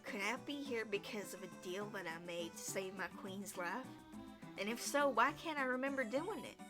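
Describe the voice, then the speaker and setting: A woman voicing a guarded, earnest young woman knight in a story game, speaking in a quiet, brooding inner monologue. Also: medium pitch, expressive, moderate pace, music in the background, lightly acted. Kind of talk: reading a story game aloud.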